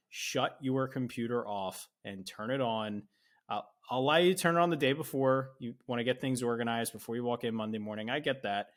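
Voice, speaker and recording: A man's voice: on the low side, fairly bright tone. A man hosting a casual interview podcast, friendly and anecdotal, often laughing as he talks. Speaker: podcast host, teacher.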